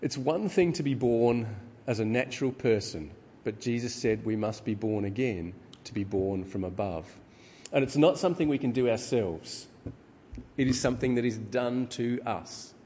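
A middle-aged man preaching a sermon, teaching in a measured way with frequent ums. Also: medium pitch, warm tone, a little hiss or hum. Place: church hall. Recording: reverberant hall with faint ambience.

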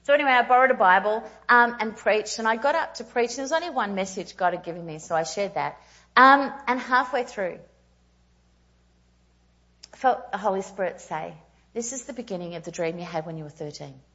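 A woman in her thirties preaching a storytelling sermon, animated and self-mocking with quick asides. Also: mid-range voice, dull audio. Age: 30s.

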